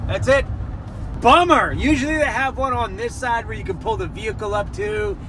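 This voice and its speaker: A man's voice: sits high, moderate pace. A man from Canada chatting casually as a travel vlogger, jokey and laughing often, talking from inside a vehicle on the road. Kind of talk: casual travel vlog chat. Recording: loud road noise in a moving vehicle.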